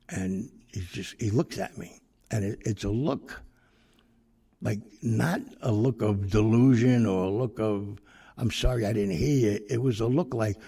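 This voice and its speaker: Gravelly older New storyteller. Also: male voice, on the low side, a little slow, warm tone. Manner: rambling, profane, with many fillers. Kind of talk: casual anecdote.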